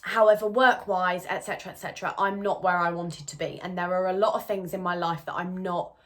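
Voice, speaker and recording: A woman's voice: on the low side, steady tone, brisk, fairly bright tone. A woman in her twenties talking casually to camera at home as a lifestyle vlogger, chatty and rambling with plenty of restarts. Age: 20s.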